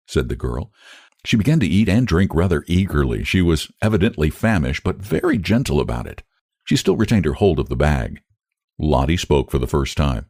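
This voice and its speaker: Deep, gravelly male storyteller. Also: no echo, clean studio sound. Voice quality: expressive, measured narration. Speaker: narrator. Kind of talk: short story reading.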